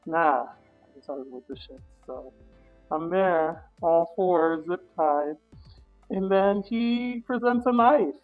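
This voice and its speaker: A woman telling a wild story in casual talk, animated and full of swearing, acting out her own reactions with sudden high, loud bursts. The audio is dull and lo-fi, with faint music underneath. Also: slow pace. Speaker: interview guest.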